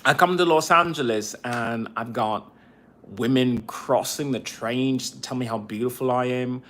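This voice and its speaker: Halting man venting on a phone. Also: mid-range voice, a bit bright. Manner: halting, repeats phrases, venting. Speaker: veteran livestream podcaster. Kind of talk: casual livestream monologue. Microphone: cell phone.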